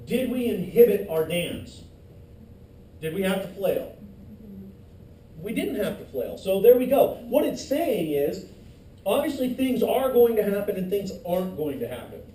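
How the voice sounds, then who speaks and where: A man's voice: high-pitched, big pitch swings, unhurried, mellow. A male instructor giving a classroom lecture, loose and joking with his students. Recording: echoey classroom from far off, faint noise.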